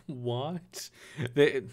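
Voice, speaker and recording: A man's voice: medium pitch, drawn-out words, a little mellow. Rambling, jokey male stream host. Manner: rambling, jokey, slips into a mock Australian voice. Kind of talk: casual live stream chat.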